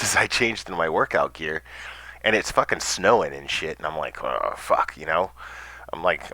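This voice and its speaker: A man's voice: sits low, pushed and bright, dry recording. A man telling a personal story casually, rambling with stammered restarts and swearing.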